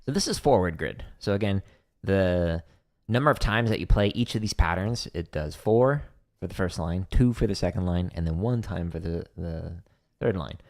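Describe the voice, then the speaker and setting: A man teaching drum technique on a livestream, explaining exercises step by step and counting patterns aloud in a relaxed, casual way. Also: deep voice, normal speed. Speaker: drum teacher on a practice stream. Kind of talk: instructional livestream talk.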